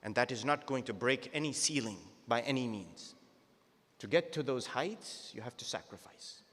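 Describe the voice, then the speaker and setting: A man's voice: mid-range voice, animated, a bit bright. Man preaching and chanting in a reverberant hall. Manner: shifts from plain teaching into slow, sung mourning recitation. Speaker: sheikh giving a Muharram night lecture. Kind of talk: sermon with chanted elegy.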